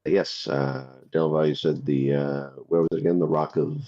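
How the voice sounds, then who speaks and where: A man with an extremely deep voice plays in a tabletop game, thinking aloud and laughing at himself. The recording is slightly dull. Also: flat delivery, normal speed. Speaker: player.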